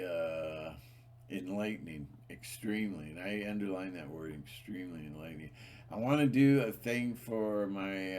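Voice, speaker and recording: Low-voiced man rambling emphatically. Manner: emphatic, repetitive, many restarts and fillers. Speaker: channel host. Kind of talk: rambling monologue to viewers.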